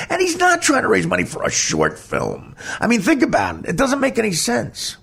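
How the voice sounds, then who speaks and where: A man's voice: high-pitched, huge pitch swings, fast talker, gravelly, few pauses, fairly bright tone, husky. A man hosting a podcast, telling a candid personal story in a blunt, profane, rambling way. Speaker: podcast host.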